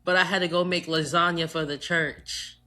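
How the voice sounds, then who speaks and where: A Trinidadian American woman co-hosting a podcast in casual chat, animated and joking, swearing freely. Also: on the low side, normal speed. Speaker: podcast co-host.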